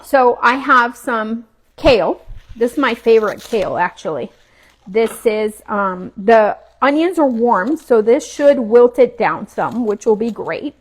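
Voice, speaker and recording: A woman's voice: fairly high pitch, unhurried, husky. A woman chatting casually while she cooks in her home kitchen, talking as she works and sometimes chewing. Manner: chatty, relaxed, talks while cooking and chewing. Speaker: cooking vlogger.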